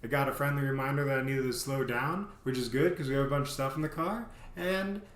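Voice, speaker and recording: A man's voice: mid-range voice, quick pace, a bit bright. A man telling a casual story to his vlog audience, rambling with lots of filler words. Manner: rambling, heavy on "you know" fillers. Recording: roomy echo.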